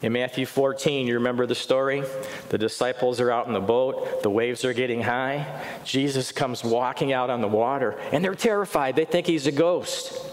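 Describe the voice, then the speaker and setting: A man's voice: mid-range voice, moderate pace. A middle-aged man preaching a sermon in earnest, often putting questions to his congregation. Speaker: pastor. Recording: echoey hall with faint noise.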